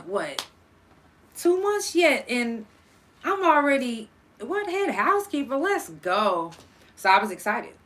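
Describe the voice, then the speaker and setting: A young woman with a medium-pitched voice hosts a podcast, telling a personal story in casual, animated, profane talk. She acts out the people she quotes.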